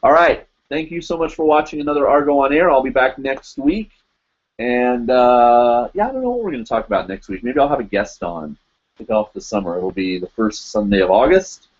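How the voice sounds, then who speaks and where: A man's voice: mid-range voice, lively intonation, fairly quick, muffled recording. A man hosting a live web show, chatting casually with viewers and reading their comments, rambling with many fillers and frequent laughs. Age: adult, teaches in Japan.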